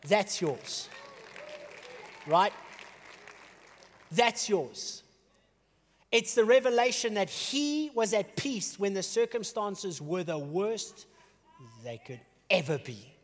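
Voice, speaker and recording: Pastor, male, high-pitched, animated preaching with shouts and hushed drops, long church-hall reverb. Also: takes it slowly, pauses often. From South Africa. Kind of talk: sermon. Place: church auditorium.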